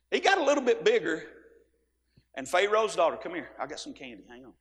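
A man preaching a sermon in a church, folksy, swinging between soft asides and shouting. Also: high-pitched, very animated, brisk, big-room sound. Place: church sanctuary.

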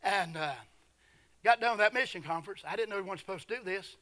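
Fervent preacher man, bright high voice. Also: fast talker. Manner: fervent, swings from hushed to shouting. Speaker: pastor. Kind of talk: sermon.

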